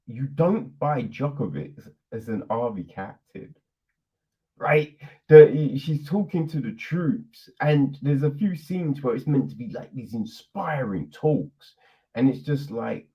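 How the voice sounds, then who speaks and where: Podcast host, male, fairly high voice, drawn-out delivery, animated film-review chatter on dull lo-fi audio. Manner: animated, laughing, acts out quotes in put-on voices. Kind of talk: casual spoken film review.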